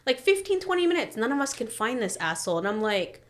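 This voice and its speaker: An adult woman with a slightly high voice tells a story in loose, casual chat. She swears freely and keeps it animated, slipping into the voices of the people she quotes. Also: fast. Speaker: podcast guest, daycare teacher.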